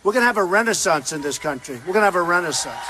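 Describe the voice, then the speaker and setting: A man in his sixties giving an emphatic, repetitive campaign speech at a rally, often shouting. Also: high-pitched, animated, rapid-fire, heavy background noise. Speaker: political candidate at a rally. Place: large university arena.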